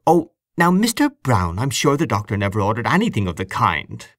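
A man's voice: lowish voice, sing-song, a little fast, a bit bright, no room sound, clean studio sound. A man voicing a bold young woman at a party who teases an older guest. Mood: teasing. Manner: teasing, light.

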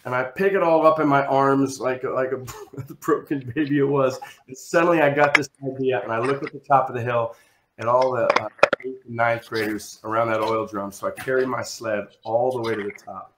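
A man telling a rambling, self-mocking comic story over a video call, acting out other people with big shouts. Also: medium pitch, steady tone, brisk, roomy sound, noisy background. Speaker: storyteller on a comedy show.

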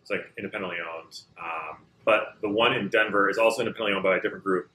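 A man's voice: fairly low pitch, fairly even intonation, rapid-fire, sharp tone. Man telling shop stories in an echoey room. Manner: storytelling, self-mocking, swears. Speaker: barbershop owner, co-host. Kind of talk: casual chat. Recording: roomy echo.

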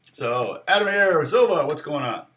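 A man's voice: a little high, very animated, unhurried, a bit bright, reverberant. A middle-aged man hosting a casual livestream guitar lesson, rambling with fillers and laughs.

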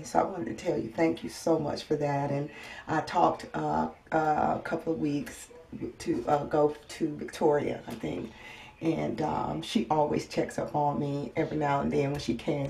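A woman with a low, gravelly voice gives a casual health update from home. She sounds weary and in pain. She speaks softly and haltingly, with frequent ums and sighs. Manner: soft-spoken, halting with many ums and sighs. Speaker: vlogger. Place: home, indoors.

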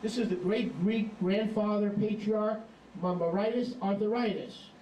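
A man preaching a sermon in an emphatic, animated storytelling manner, recorded from a distance in a hall. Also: high-pitched, unhurried, slight background noise.

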